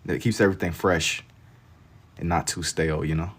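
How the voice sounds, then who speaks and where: Man, low voice, relaxed slangy livestream chatter, laughs easily, reads comments. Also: normal speed. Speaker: livestreamer drawing on stream. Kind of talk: casual livestream chat, reading comments.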